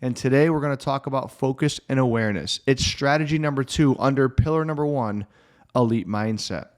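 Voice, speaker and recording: A middle-aged mental performance coach, medium in pitch, shares a story about a client on his own podcast. It's an emphatic, earnest motivational monologue delivered with slow, deliberately stressed phrasing.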